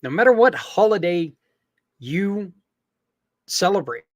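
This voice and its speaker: A man's voice: high voice, sing-song, slow, dry recording. A man hosting a podcast, making an earnest, rambling appeal to listeners, with many fillers and restarts. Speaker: podcast host.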